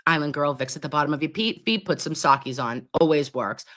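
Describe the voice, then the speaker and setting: Middle-aged woman on a live stream, chatty, calls everyone babes, clears her throat a lot. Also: sits low, brisk, a bit bright. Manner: chatty, calls viewers babes, reads comments aloud. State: recovering from pneumonia, throat clearing. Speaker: live stream host, nurse. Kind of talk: casual live stream chat.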